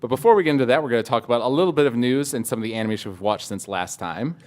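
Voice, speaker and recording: Young man, podcast host, casual panel chat, mid pitch, filler-heavy rambling. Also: rapid-fire, a little mellow. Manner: loose, filler-heavy, lots of "like".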